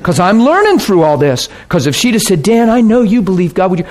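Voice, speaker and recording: A middle-aged man preaching a sermon, telling a story and acting out the people in it with big jumps in his voice. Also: a little fast. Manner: animated, acts out quotes with big pitch jumps.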